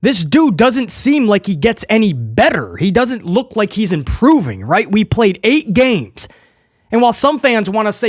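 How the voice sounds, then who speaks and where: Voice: mid-range voice, very animated, normal speed, no room sound, studio quality. A football fan giving a casual, sarcastic game review monologue as the show's host. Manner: sarcastic, joking and exasperated.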